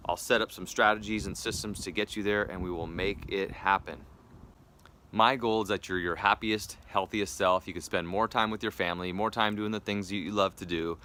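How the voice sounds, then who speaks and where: A man speaking as a wellness coach, giving an upbeat, persuasive pitch straight to viewers, with casual fillers along the way. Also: pushed and bright. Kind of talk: direct sales pitch to viewers.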